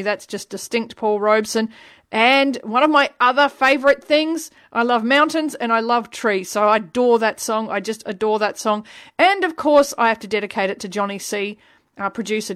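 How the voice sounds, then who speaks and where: High-voiced chatty woman radio host. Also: fairly bright tone. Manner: chatty, playful and self-teasing. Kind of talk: casual radio chat.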